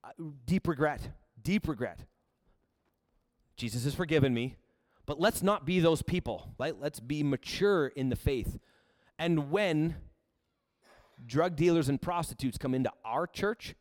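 A man's voice: a little high, expressive, unhurried, darkish tone, dry recording, studio quality. A man preaching a sermon with casual, joking asides as he reads and explains scripture. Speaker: pastor.

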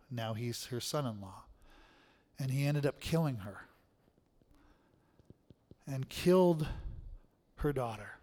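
Man preaching in an echoing hall. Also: medium pitch. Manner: conversational, often asks the room "right?". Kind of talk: sermon.

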